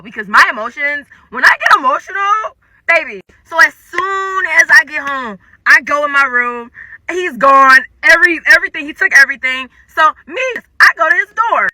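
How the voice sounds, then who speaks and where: A young woman telling a personal story in a casual storytime, animated and dramatic, acting out the quotes. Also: high voice, moderate pace, no echo. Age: young adult.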